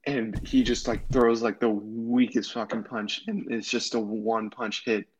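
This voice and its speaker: A man's voice: lowish voice, level tone, a little slow, rough recording. A teenage boy, a guest on a casual podcast, telling a story in a rambling way with lots of fillers, restarts and laughs. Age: teens. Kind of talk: casual chat.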